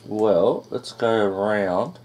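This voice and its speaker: A man giving excited gameplay commentary, groaning at setbacks and swearing now and then. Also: on the low side, takes it slowly. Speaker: gaming YouTuber.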